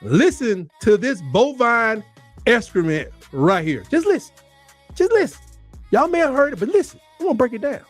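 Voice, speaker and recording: A man's voice: very high voice, very animated, moderate pace, faint music behind. A man giving a heated, mocking sports rant, repeating himself for emphasis. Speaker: sports commentator.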